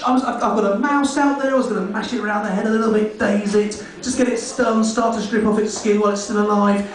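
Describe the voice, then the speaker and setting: Indignant tomcat as a stand-up comedian puts him on, high, scolding and gory, heard from far back in an echoey room. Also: male voice. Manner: outraged, scolding, gleefully gory. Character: indignant disgusted male house cat.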